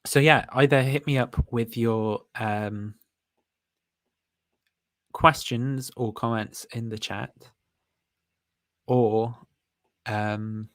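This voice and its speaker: A man with a mid-range voice hosts a casual livestream, rambling and thinking aloud with frequent fillers and laughs at his own remarks. There's no room sound.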